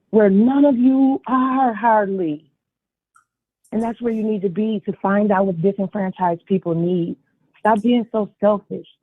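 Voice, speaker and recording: A tired woman calling in to give a blunt, indignant public comment, her voice a little husky. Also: medium pitch, dry recording. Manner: indignant, blunt, pointed questions. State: tired, yawning. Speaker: caller giving public comment. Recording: tinny phone line, dry.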